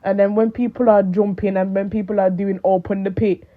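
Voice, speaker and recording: A woman in her late teens chatting casually to camera, animated and rambling with lots of fillers. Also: mid-range voice, a little fast. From United Kingdom. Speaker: vlogger. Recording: phone-like thin sound.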